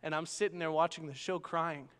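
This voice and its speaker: A young male pastor preaches in an animated storytelling style, often asking his listeners for an amen. His voice sits fairly high for a man. The sound carries a long reverb from a large church hall. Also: a little fast, clear, resonant tone. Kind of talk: sermon.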